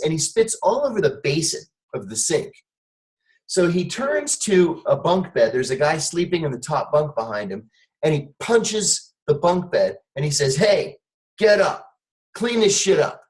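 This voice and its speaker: A man's voice: a little high, moderate pace, rough recording. A man being interviewed, telling a long personal story and acting out the voices of the people in it. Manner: animated storyteller, acts out quoted voices. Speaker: guest, former intelligence officer.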